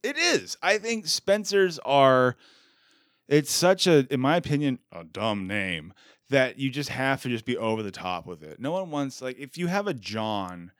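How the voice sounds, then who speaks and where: A man in his thirties hosting a podcast, chatting casually with quick self-deprecating jokes. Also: mid-range voice, no echo, studio quality. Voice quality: animated, jokey, self-deprecating. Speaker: podcast host. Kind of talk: casual chat.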